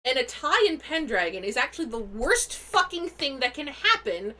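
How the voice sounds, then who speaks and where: A woman casually recounting a tabletop game session on a stream, excitable, laughing and swearing freely. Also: sits high, normal speed.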